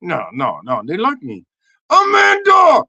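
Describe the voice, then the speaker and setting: A man hosting a crude comedic monologue, animated and loud, often breaking into shouts. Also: on the high side, measured pace, no room sound, lo-fi sound. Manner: animated, crude, bursts into shouts and silly voices. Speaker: comedy host.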